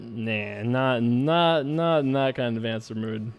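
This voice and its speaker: A man chats loosely through an online poker session, piling up fillers and tossing in playful little jokes. His voice is smooth and resonant, sitting at an ordinary middle pitch for a man. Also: animated, normal speed, few pauses, dry recording. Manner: rambling and playful, many fillers, frequent self-laughing asides. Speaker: poker video host. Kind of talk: casual commentary while playing online poker.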